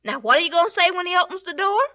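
A woman voicing a tall, kind male policeman who speaks with slow, gentle, reassuring firmness. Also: very high voice, lively intonation, voice pushed up, heavily acted. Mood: kindly.

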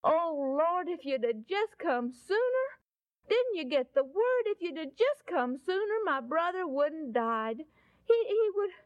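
A woman voicing Martha, a flustered grieving woman who stammers and pleads in a high, fretful voice, on a dull lo-fi recording. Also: big pitch swings, unhurried, no echo, full character voice. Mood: pleading.

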